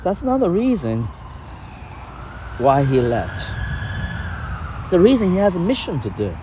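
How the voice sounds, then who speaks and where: A man teaching spiritual ideas in casual conversation, animated and laughing often, with non-native grammar. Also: sits high, measured pace, background noise. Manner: animated, acts out quoted voices, laughs often.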